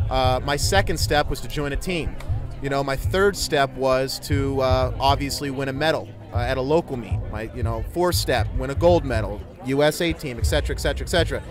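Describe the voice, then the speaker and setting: A man, a weightlifter, telling his career story in an excitable, animated way during an outdoor interview at a competition. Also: mid-range voice, fairly quick, over music. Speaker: weightlifter guest.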